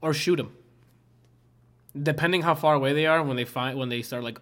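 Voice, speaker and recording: On a stream, a man with a mid-range, fairly bright voice chats casually at a fairly quick clip, his tone steady. He rambles through a story, swearing often and leaning heavily on "like" and other fillers.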